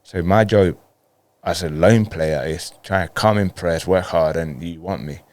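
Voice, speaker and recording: A young man from Colombia, a professional footballer telling his story in a laid-back way, acting out quick bits of dialogue. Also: deep voice, darkish tone. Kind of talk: casual storytelling interview.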